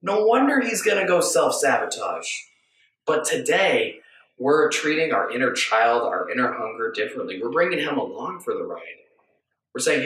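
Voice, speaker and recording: A man's voice: medium pitch, very animated, normal speed, slight background noise. Musing male coach in an echoey room. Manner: gentle, musing, rhetorical questions. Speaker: mindful eating coach. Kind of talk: reflective self-help talk. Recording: echoey room, distant from mic.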